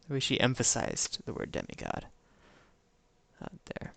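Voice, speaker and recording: A man's voice: medium pitch, wildly swooping pitch, normal speed, gravelly, a bit bright, dry recording. A man streaming a game live, musing to himself in casual commentary and hunting for the right words.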